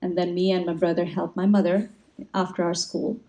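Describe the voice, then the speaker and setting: A woman's voice: fairly low pitch, flat delivery, moderate pace, mellow, natural voice, low-quality recording. A woman voicing an eager, thoughtful eight-year-old boy who sells bubbles on the street, speaking earnestly. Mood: cheerful.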